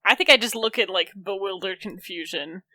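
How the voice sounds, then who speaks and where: Bright-voiced woman player, hesitant and chatty, dry sound. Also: mid-range voice, fairly quick, dry recording. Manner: bright, nervous, many fillers. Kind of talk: playing a tabletop game.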